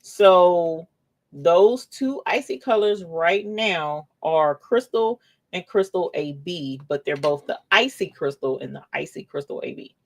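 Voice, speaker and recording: A woman's voice: fairly low pitch, measured pace. Woman host for a craft livestream, casual and playful, voice swooping up and down as she reads the chat. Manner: playful, lively, calls out "holler" and "yes, honey". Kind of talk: casual livestream chat, reading viewer comments.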